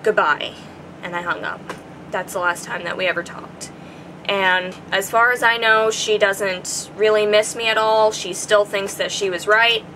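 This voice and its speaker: A young woman in a personal vlog, earnest and emotional, her voice dropping soft as she nears tears. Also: medium pitch, fairly even intonation, moderate pace, background noise. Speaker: vlogger answering viewer questions.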